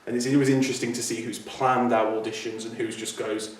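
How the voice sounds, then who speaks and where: A man's voice: medium pitch, level tone, quick pace. A man with an English accent co-hosting a podcast, chatting casually and joking at his own expense. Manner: chatty, self-mocking. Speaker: podcast co-host. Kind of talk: casual chat. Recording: echoey room, distant mic.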